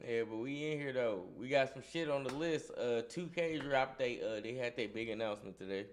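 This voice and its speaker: A man's voice: medium pitch, brisk. Hyped middle-aged man hosting a stream. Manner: hyped, loud and joking, repeats greetings. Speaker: co-host of a gaming livestream. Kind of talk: casual profane livestream chat.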